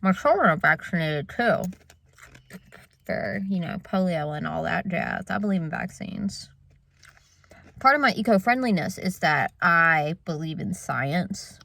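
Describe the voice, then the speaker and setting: A woman's voice: fairly low pitch, animated, measured pace, gravelly, a bit bright, no room sound. A woman, chatting casually to her viewers in a vlog. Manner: chatty, talks straight to viewers. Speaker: vlogger.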